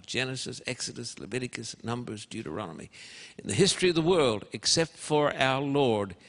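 A man preaching a sermon in a deliberate, dramatic manner, with pauses between phrases. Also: medium pitch, fairly bright tone. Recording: long hall reverb.

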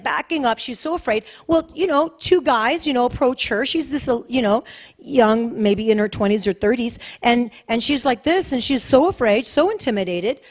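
A woman pastor delivers a sermon to her congregation in a notably high voice. She talks in an easy, conversational way but leans hard on each point, repeating key phrases again and again. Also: breathy edge. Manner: emphatic and repetitive, conversational preaching.

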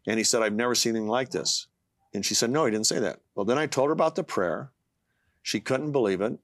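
A middle-aged man, a guest author, earnestly tells a personal faith story in an interview, often halting with fillers and restarts. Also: mid-range voice, no room sound, clean studio sound. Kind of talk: testimony in a talk-show interview.

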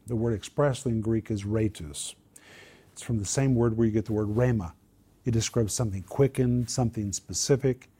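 A man's voice: mid-range voice, dark tone, slightly rough. A man teaching on Bible verses and word meanings, growing emphatic on key points. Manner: emphatic, builds to a raised voice on key words.

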